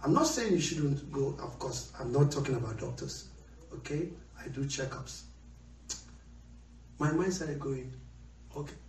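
A man preaching a sermon with an animated delivery, moving between quiet storytelling and shouting. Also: mid-range voice, unhurried, long pauses. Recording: echoey hall, heard from far off.

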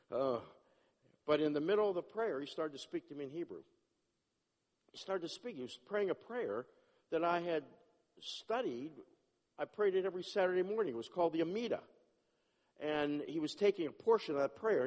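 A man giving a personal testimony, animated and acting out the dialogue, often restarting his sentences. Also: on the high side. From Jewish upbringing, not a place. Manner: animated, acts out dialogue, self-interrupting. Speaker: testimony speaker. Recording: long hall reverb.

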